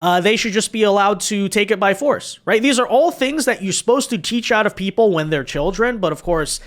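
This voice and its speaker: Sarcastic high-voiced male commentator. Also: expressive, brisk. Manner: sarcastic, mocking, tags lines with "right?". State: weary. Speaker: political commentary host. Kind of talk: opinion commentary monologue.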